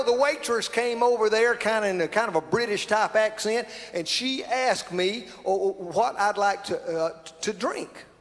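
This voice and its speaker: A man's voice: sits high, fairly bright tone, in a large hall. A man from South Alabama with a Southern American accent, telling a comic story to a live audience in a folksy, exaggerated way. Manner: folksy, exaggerated, breaking into laughter. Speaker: comedian.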